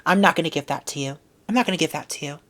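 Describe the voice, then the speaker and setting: A woman's voice: deep voice, rapid-fire, a bit bright. A young woman vlogger ranting bluntly and sarcastically about things she dislikes, dropping into whispered asides. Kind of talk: casual opinion rant.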